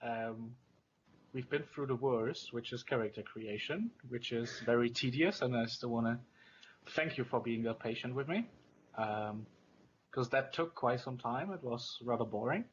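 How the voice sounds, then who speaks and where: A man's voice: mid-range voice, moderate pace, slight background noise. Laid-back man running the game, lo-fi. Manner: relaxed, many fillers, occasional swearing. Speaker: game master. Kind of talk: casual online tabletop session. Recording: muffled lo-fi voice chat.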